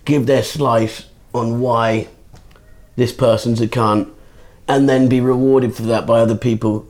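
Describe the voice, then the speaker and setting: A man, a comedian guest on a podcast, telling stories in casual chat with lots of swearing and quick asides. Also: mid-range voice, steady tone, a little mellow.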